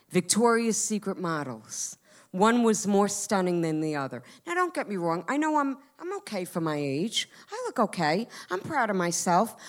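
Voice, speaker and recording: A woman in her fifties doing stand-up storytelling, brash and profane, talking straight to the crowd. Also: medium pitch. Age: 50s. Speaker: comedian.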